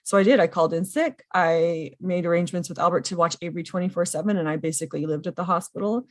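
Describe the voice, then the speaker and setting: A woman in her thirties telling a personal story earnestly, often pausing with ums. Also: on the low side, a little mellow. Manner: earnest and emotional, with frequent ums. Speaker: podcast guest, foster and adoptive mother.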